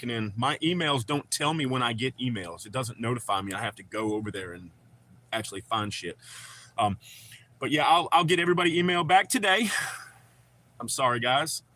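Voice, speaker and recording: A bright, forceful-sounding man, rambling easily through a live chat. He talks in loose slang and greets people as he goes. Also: medium pitch, fairly quick. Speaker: livestream host. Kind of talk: casual live chat reading comments.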